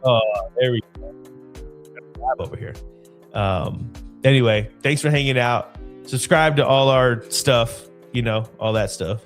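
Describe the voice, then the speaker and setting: A man hosting a casual football podcast alone, talking in a loose, rambling way with his voice gone hoarse. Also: mid-range voice, a little slow, pauses often, faint music behind. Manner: loose, rambling, with frequent fillers and restarts. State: hoarse, voice partly lost. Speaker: podcast host.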